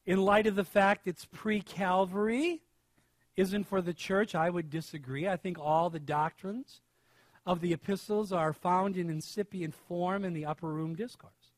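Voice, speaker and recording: A middle-aged male preacher with a high voice delivers a sermon. He drops to hushed asides, then stretches key words out loud for emphasis. The sound is close and dry. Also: moderate pace, no echo.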